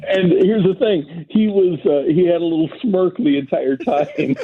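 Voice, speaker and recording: A man's voice: high voice, mellow, husky, muffled recording. A man co-hosting a talk show, chiming in and laughing along.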